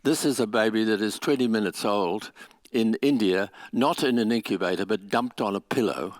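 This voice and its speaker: A man's voice: lowish voice, normal speed, no room sound. A man giving an academic conference lecture, explaining step by step with restarts and small laughs. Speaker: conference speaker. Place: lecture venue.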